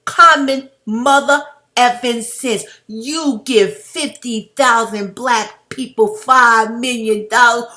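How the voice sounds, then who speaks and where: Fiery, bright-voiced woman ranting to viewers. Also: on the high side, measured pace. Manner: heated, blunt and profane, addressing viewers as family. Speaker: video blogger. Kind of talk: impassioned commentary rant.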